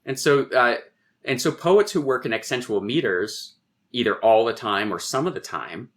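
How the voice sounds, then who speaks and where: A man's voice: on the low side, a bit bright. A man, a poet and philosopher, explaining poetic meter in a thoughtful, professorial way with frequent restarts. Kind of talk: conversational lecture on poetic meter.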